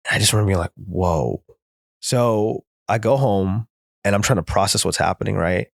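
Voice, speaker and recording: A man, a therapist in recovery, telling his personal story as a guest in earnest, rapid present-tense bursts. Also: on the low side, gravelly, dry recording, clean studio sound.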